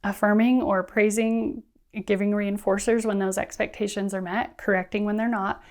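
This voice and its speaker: A woman teacher trainer giving friendly, brisk instructional talk, often acting out what students and teachers say. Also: mid-range voice, level tone. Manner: friendly, brisk, acts out classroom quotes.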